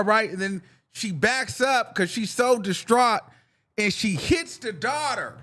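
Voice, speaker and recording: A man with a high voice tells a long, wandering story on his podcast. His tone is bright and sharp, and he is loose and profane, jumping into other people's voices as he goes. It sounds like casual talk, not a reading. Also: a little slow. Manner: animated, rambling, profane, acts out voices in the story. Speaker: podcast host.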